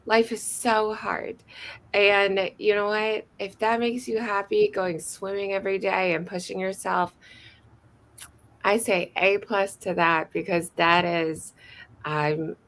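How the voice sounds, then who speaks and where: A woman guest chats casually at a slow pace. She talks emphatically and says her points twice for weight. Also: mid-range voice, flat delivery, fairly bright tone. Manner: chatty, emphatic, repeats herself. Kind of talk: casual chat.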